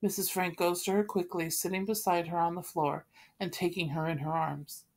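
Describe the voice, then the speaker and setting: Female reader, low voice, plain even delivery of stage directions. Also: moderate pace. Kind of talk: reading stage directions aloud.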